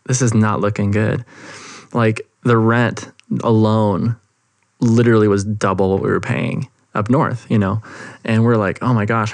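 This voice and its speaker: An earnest young man hosts a faith podcast from home, telling a personal story with plenty of fillers and restarts. His voice sits at a middle pitch and is recorded close and dry, with no room sound. He keeps an eager, enthusiastic tone throughout. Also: no echo. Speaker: podcast host. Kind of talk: casual faith podcast testimony.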